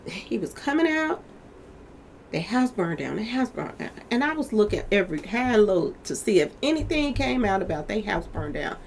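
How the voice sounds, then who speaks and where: With a slightly high, creaky voice and a bit of background noise, a woman hosts a channel of casual celebrity gossip commentary. She's chatty and lively, speaking right to her audience and repeatedly calling them "y'all."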